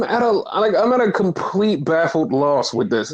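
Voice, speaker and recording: A man co-hosting a casual wrestling podcast, talking fast and loose with lots of swearing, jumping up high when he acts out quotes. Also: rough recording. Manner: animated, profane, acts out quotes. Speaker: podcast co-host.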